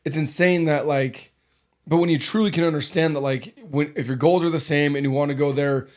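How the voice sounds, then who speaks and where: Rambling, higher-voiced man host. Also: fairly even intonation, a little fast. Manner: rambling, repeats words, restarts sentences. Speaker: podcast host. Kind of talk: casual podcast conversation.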